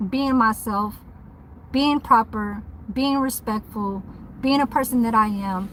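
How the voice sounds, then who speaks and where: A woman's voice: fairly high pitch, a bit bright, slight background noise, poor audio. A woman who works as a mobile nail tech, ranting bluntly and profanely in a casual vlog from her parked car.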